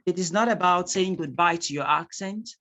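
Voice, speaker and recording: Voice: mid-range voice, moderate pace, a bit bright. Nigerian-accented tutor teaching a live class. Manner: reads chat replies aloud, repeats key points for emphasis. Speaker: speaking tutor.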